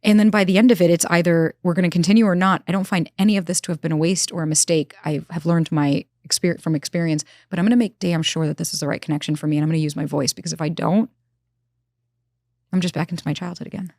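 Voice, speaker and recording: A woman speaking as a relationship expert in a candid interview, telling stories quickly and swearing casually. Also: on the low side, no echo, clean studio sound. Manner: fast, animated storytelling with casual swearing. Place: Los Angeles.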